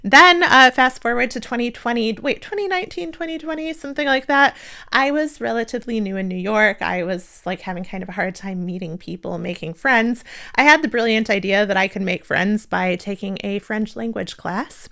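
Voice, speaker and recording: A woman's voice: a little high, normal speed, gravelly, sharp tone. A young woman from the United States, talking casually to camera in a self-deprecating vlog, laughing often and filling with "like". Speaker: vlogger.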